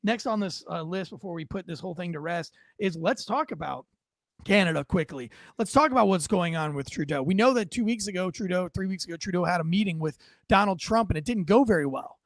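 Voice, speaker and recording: A brash American man hosts a political talk show. His voice sits high but carries a gravelly rasp, and he swears freely and turns sarcastic. The sound is dry and close. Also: fairly quick, no room sound. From United States. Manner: brash, profane and sarcastic, mocks others in put-on voices. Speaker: political commentary host. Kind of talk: casual political commentary.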